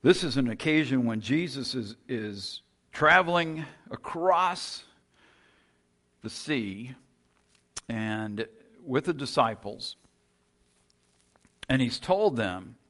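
A man's voice: medium pitch, animated, takes it slowly, long pauses, a bit bright. Man preaching in a conversational way. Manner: conversational, retelling scripture with restarts and rhetorical questions. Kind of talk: sermon.

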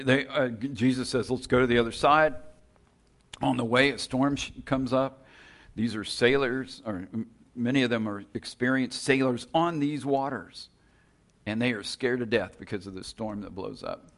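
A man with a low voice delivering a Bible teaching in a conversational, storytelling manner. He often restarts his phrases as he works toward his point. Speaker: preacher.

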